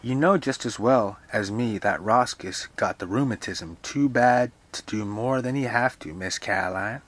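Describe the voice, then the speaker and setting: A man's voice: lowish voice, normal speed, natural voice. A man voicing a no-nonsense older woman housekeeper who scolds and gives orders. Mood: scolding. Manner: scolding, commanding.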